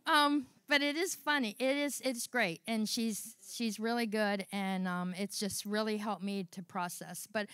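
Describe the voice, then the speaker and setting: A woman's voice: medium pitch, fairly bright tone, smooth, no echo. Woman rambling through a church testimony, mid voice, dry sound, lots of restarts. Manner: rambling, halting, full of restarts and fillers. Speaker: church member giving testimony. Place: church sanctuary.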